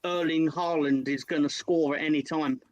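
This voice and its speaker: A man's voice: a little high, fairly even intonation, normal speed, darkish tone, no echo. A man co-hosting a football fan show, bantering and swearing freely over a video call. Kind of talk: casual chat.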